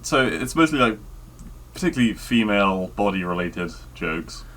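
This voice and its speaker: A man's voice: lowish voice, big pitch swings, moderate pace, fairly bright tone. A man co-hosting a casual podcast, easygoing and hesitant with many fillers. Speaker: podcast co-host.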